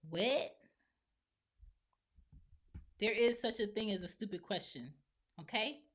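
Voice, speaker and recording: Slow-paced with lively intonation at medium pitch, a woman of about forty, podcast host and mom, delivers a solo opinion monologue. She's blunt and opinionated, imitating the lines of others.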